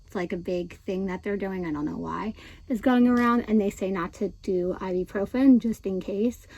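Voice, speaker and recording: A woman's voice: medium pitch, moderate pace, gravelly, mellow, no room sound, poor audio. A young adult woman talking in a casual vlog diary. Her S sounds come out airy and slightly lisped, and she chats along with plenty of ums and likes. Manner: chatty, with frequent ums and likes. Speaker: vlogger.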